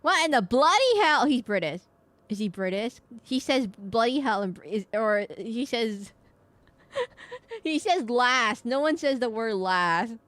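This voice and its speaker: A woman's voice: fairly high pitch, animated, takes it slowly, a bit bright. A woman streaming a game, chatting casually, explaining the story and cracking jokes. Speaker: VTuber streamer. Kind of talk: casual let's-play commentary.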